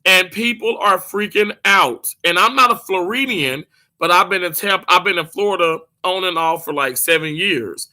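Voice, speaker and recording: A man hosting a casual live stream, talking straight to viewers in the chat. His voice is a touch high and strikingly bright. He rambles warmly, trips over restarts, and breaks into quick laughs. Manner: chatty, animated, quick laughs, many restarts.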